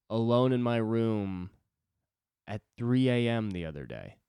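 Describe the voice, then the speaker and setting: This twenty-something podcast host talks alone on his own show, rambling, profane and self-deprecating. His voice is on the low side, expressive and mellow, clear and resonant, at a measured pace. The recording is dry, with clean studio sound.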